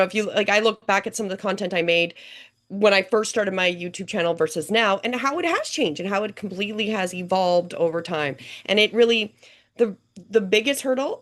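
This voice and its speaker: A woman who hosts a casual group discussion, giving motivational advice and often checking in with "right?". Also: medium pitch. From Canada. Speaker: host, creator coach.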